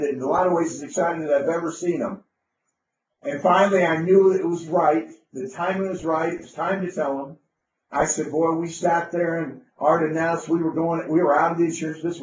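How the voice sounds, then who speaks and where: High-voiced man telling a sales story. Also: a little hiss or hum. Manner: enthusiastic, rambling with restarts. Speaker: business speaker. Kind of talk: anecdotal storytelling talk. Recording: roomy, distant, dull lo-fi sound.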